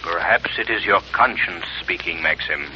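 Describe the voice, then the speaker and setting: A man's voice: deep voice, normal speed, pushed and bright, highs cut off, slight background noise. An actor playing a mysterious unseen male avenger who speaks as a conscience, commanding and solemn, in 1940s radio acting. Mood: accusing.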